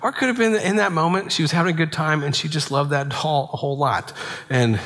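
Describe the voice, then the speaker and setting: A man in his thirties preaching a sermon in a relaxed, conversational way, full of asides and rhetorical "right?" checks. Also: on the high side, fast talker. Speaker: pastor. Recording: long hall reverb.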